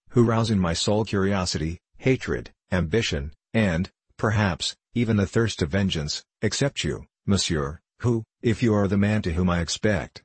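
A man's voice: deep voice, breathy edge, dry recording. A man voicing a despairing young prisoner of royal birth who speaks in a bitter, plaintive, earnest way, in a storybook reading.

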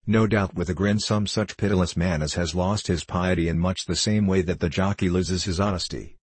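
A man narrates a classic novel in a measured, steady way. His voice is deep and husky, and the recording is dry and close with no room sound. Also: dry recording. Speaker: audiobook narrator. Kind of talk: scripted narration.

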